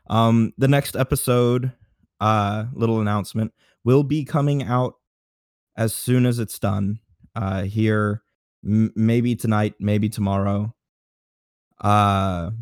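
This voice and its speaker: Out of breath podcast guy, lowish voice, lots of uhs, dry close sound. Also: a little mellow, no room sound. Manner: halting, many fillers. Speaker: podcast host. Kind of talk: casual announcement.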